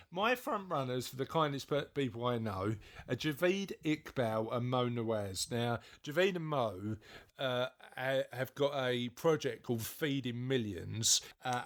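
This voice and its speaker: A man co-hosting a casual podcast, chatty and rambling, with many fillers and quick laughs. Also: medium pitch. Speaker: podcast co-host. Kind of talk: casual chat.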